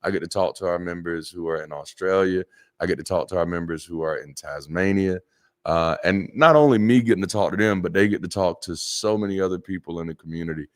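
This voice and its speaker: A man with a low, deep voice hosts a casual livestream. He talks loosely and chattily, full of slang and restarts, and reacts to the chat as he reads it. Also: fairly quick. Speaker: livestream host, former pastor. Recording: solo livestream at home.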